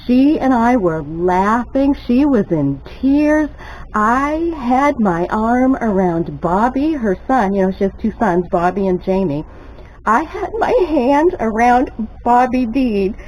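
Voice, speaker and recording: An older woman telling a lively story while she cooks at home, chatty and laughing often. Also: on the high side, slight background noise, low-quality recording. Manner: chatty, laughs often, gets excited retelling stories. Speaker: cooking vlogger. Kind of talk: casual storytelling while cooking.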